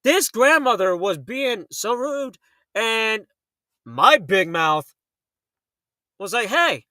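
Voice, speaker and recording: High-voiced, heated talk radio man. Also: animated, pushed and bright, no echo, studio quality. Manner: fast, heated storytelling with acted quotes. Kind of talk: late-night talk radio monologue.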